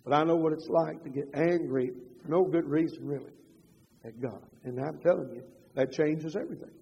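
An older man preaching a sermon, moving from loud emphatic passages to quiet confessional storytelling. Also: on the high side, fairly quick, vocal fry, slightly rough. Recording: dull reverberant hall.

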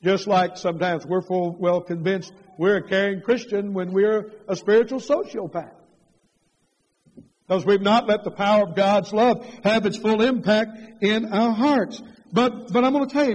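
A middle-aged man preaching a sermon, emphatic and full of rhetorical questions, climbing in pitch as he presses his points. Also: moderate pace. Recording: long reverb of a large hall.

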